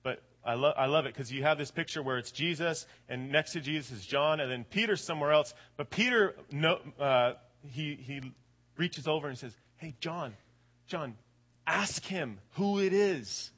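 A young man in his late twenties preaching a sermon with lively, conversational energy. His voice sits high for a man. He keeps checking in with the listeners as he tells the stories. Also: moderate pace. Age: late 20s. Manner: animated, colloquial, keeps asking "right?".

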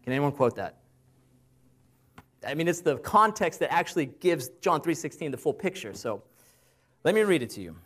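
A man preaching a conversational sermon. He asks his listeners rhetorical questions and slows down when he cites Bible verses. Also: fairly high pitch, very animated, a bit bright, slightly rough.

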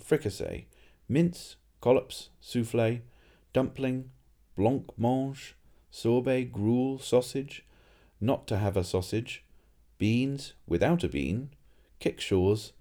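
A man voicing an eager, naive male tourist in a storybook reading, rattling off words in one breath, pitched higher than his usual voice. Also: warm tone.

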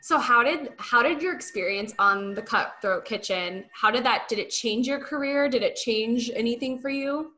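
Woman host, kinda high voice, chill, asks open questions. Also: normal speed, few pauses, sharp tone. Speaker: interviewer. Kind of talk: casual interview conversation.

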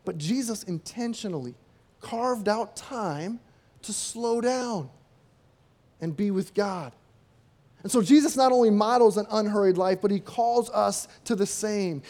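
High-voiced preacher giving a sermon. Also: male voice, a little mellow. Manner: conversational, rhetorical questions, acts out quotes.

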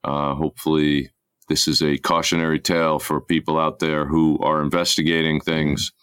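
A male podcast host with a deep voice speaks in a measured, reflective manner. His tone is smooth and resonant, and the recording is dry and close. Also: flat delivery, fairly bright tone, no room sound. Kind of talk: casual interview.

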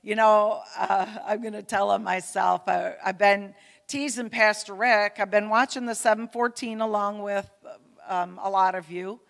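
A woman addresses her congregation in a relaxed, self-deprecating way, full of ums and asides. Her voice sits at an ordinary pitch for a woman. The sound carries a long reverb from the church hall. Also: normal speed, creaky. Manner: chatty, self-deprecating, folksy with many fillers. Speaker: pastor's wife speaking at church. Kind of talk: casual church talk. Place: church sanctuary.

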